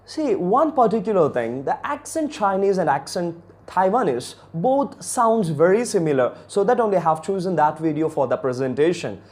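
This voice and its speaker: A man's voice: high-pitched, big pitch swings, moderate pace, hardly any pauses, a little mellow. A man with an Indian accent giving a chatty video lesson on English accents, talking straight to viewers with many fillers.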